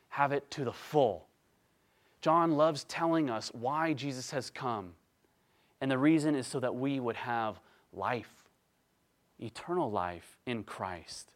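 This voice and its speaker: A man preaching a sermon, emphatic, climbing to excited peaks and then dropping to quiet, earnest stretches. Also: mid-range voice. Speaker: pastor.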